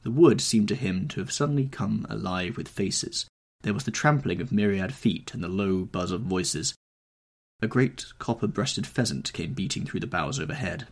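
A man reading a classic novel aloud in measured, literary audiobook narration. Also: deep voice, creaky, slightly rough.

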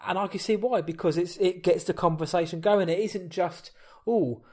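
A high-voiced man co-hosts a podcast with upbeat, chatty energy. He reads listener messages and riffs on them in a casual, friendly way. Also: a little fast. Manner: energetic, banter-filled, reading listener messages. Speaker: podcast co-host.

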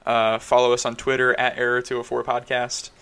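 Bright, flat-voiced man co-hosting a podcast. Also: mid-range voice, fairly quick, clean tone. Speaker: podcast co-host. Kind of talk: casual chat.

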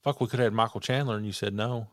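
Low-voiced man in loose chat. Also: steady tone, very fast, no echo, clean studio sound. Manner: loose, swearing, trailing off. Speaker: podcast co-host. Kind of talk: casual chat.

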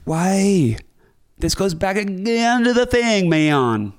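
A man's voice: high voice, animated, slow. A man co-hosting a podcast, chatting casually and earnestly, sometimes dramatic. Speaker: podcast co-host. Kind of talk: casual chat.

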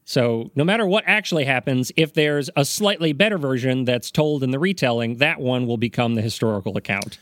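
A man's voice: medium pitch, a little fast, few pauses, a bit bright. A man hosting a casual comedy podcast, explaining his topic with rambling, self-aware asides and a wry tone. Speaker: podcast host presenting the topic.

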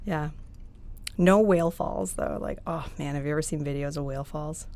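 A woman's voice: low voice, normal speed, a little mellow. A young woman co-hosting a podcast, chatting playfully and teasing, with lots of "like" as she talks. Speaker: podcast co-host. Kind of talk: casual chat.

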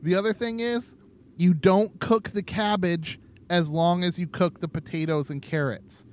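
A man's voice: high-pitched, steady tone, measured pace. A man co-hosting a podcast in casual chat, jokey and playful, laughing often. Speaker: podcast co-host.

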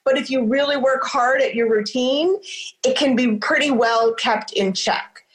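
A woman's voice: sits high, unhurried, rough recording. A woman therapist hosting a casual talk, speaking conversationally with many fillers. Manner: conversational, frequent "you know what I mean". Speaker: therapist and host. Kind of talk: casual chat.

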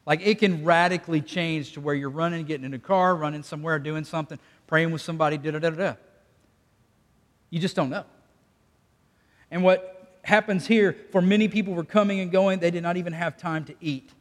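Folksy pastor in a reverberant church. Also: male voice, fairly high pitch, steady tone, brisk. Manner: folksy, conversational preaching with audience call-and-response. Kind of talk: sermon. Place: church sanctuary. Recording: long reverb of a church hall.

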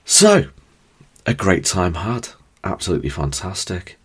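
A man with an extremely low, deep voice tells travel stories on his podcast. He rambles cheerfully, pokes fun at himself and jumps up in pitch and volume when something excites him. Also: moderate pace. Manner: chatty, rambling, self-deprecating, with animated jumps in pitch and volume. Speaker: podcast host. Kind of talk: casual storytelling monologue.

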